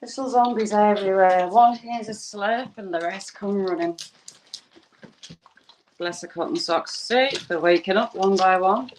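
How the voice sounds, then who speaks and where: A woman's voice: medium pitch, unhurried, slight background noise, rough recording. A woman hosting a casual live stream at home, cooing at puppies in a sing-song voice and greeting viewers by name.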